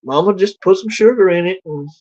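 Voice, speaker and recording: A middle-aged Southern man from Louisiana with a notably high voice rambles through a casual livestream chat, drawling and leaning on fillers. The audio is dull and lo-fi. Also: a little fast, darkish tone. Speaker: livestream co-host.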